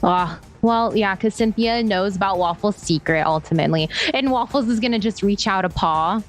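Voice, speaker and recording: A woman's voice: medium pitch, normal speed, faint music behind. A woman playing a tabletop game, chatting and speaking in character between giggles. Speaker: player.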